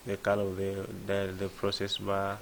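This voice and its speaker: Soft background music plays as a man talks at a moderate pace in a low-pitched voice with completely flat delivery. He tutors app programming in a casual screen-share lesson, thinking aloud and first asking "what?" before he answers himself.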